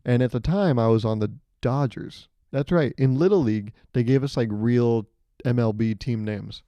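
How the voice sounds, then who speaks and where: A man's voice: medium pitch, normal speed, no room sound, lo-fi sound. A young man hosting a solo podcast, telling rambling stories with a sarcastic edge. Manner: rambling and sarcastic, acts out loud voices. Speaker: podcast host. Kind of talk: solo comedic storytelling.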